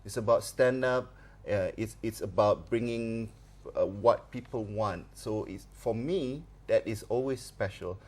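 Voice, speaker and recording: A man's voice: on the low side, measured pace. A man being interviewed as a comedy show organizer, talking hesitantly with many fillers. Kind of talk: studio interview.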